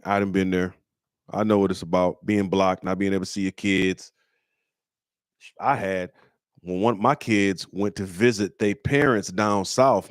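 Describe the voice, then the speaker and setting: Animated streetwise man spinning stories. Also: no room sound, clean studio sound. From Michigan. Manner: animated, acts out quoted voices in a higher pitch; streetwise slang, blunt and preachy. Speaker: comedian host answering listener questions. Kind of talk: casual storytelling chat.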